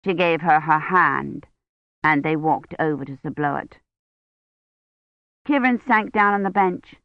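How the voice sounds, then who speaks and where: A woman narrating an audiobook in a measured, steady way. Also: low voice, no echo, dull audio. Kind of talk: scripted narration.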